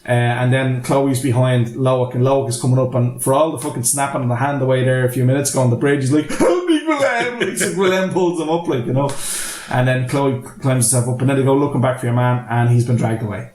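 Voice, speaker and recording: Speaking fast in a steady, mid-range voice with a darkish tone, an Irish man rambles through a movie recap on his podcast. He swears and laughs freely, and the audio is reverberant.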